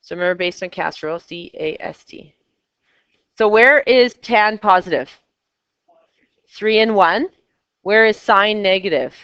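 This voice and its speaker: A woman's voice: mid-range voice, animated, unhurried, pauses often, smooth, no echo, dull audio. A woman teaching a math class, chatty and coaxing her students with questions. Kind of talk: classroom lecture.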